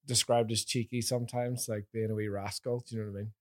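A man's voice: on the low side, little pitch movement, fast, a little mellow. A man from Northern Ireland with a Northern Irish accent, chatting casually as a guest and using local slang. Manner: easygoing, laughs readily, uses local slang. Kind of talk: casual chat.

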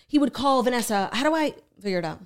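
At a quick pace and in a slightly high voice, a podcast co-host casually walks through a true crime documentary. She's lively and profane, voicing what the people in it said.

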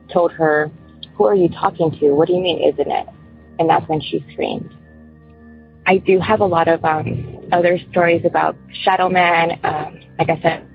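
A woman's voice: sits low, creaky, breathy edge. A woman calling in to tell a personal story, rambling with lots of fillers. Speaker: caller. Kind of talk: casual phone-in storytelling. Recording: tinny phone line with faint hiss.

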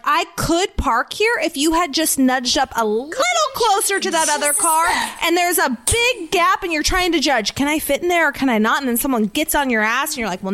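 A podcast co-host in her thirties with a high-pitched voice. She tells stories in a casual, animated way and acts out her own inner thoughts as she goes. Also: slight background noise. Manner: animated storytelling, rants with mimicked inner voice. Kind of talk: casual chat.

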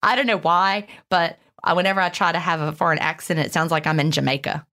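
Low gravelly woman co-hosting a podcast. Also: steady tone, fast, a bit bright. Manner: chatty, reads listener questions aloud. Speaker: podcast co-host. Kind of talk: casual podcast chat.

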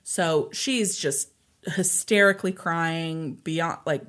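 Lively woman telling a story. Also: on the low side, slow. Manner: animated, acts out quoted lines in storytelling. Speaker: podcast co-host. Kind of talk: casual storytelling chat.

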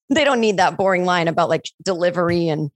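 Animated woman retelling stories. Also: brisk, no room sound. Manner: animated storyteller who acts out dialogue with big pitch jumps. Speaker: screenwriter discussing her film. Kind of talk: casual podcast chat.

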